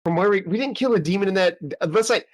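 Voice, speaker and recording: A man's voice: high-pitched, quick pace. A man playing a tabletop game who jokes and teases the others. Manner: joking, teasing. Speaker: player.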